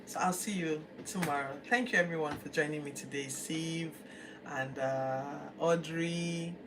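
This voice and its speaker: A woman hosting a daily Bible podcast, reading and retelling the scriptures in a chatty, animated way. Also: low-pitched, unhurried. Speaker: podcast host. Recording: distant mic, faint background noise.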